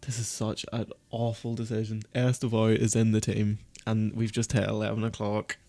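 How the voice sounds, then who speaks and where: Male live streamer, gravelly mid-pitched voice, dry close sound; frets and scolds himself. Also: completely flat delivery, normal speed, mellow, no room sound. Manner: panicky, self-berating, swears. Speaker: fantasy football streamer. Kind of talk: casual live-stream chat.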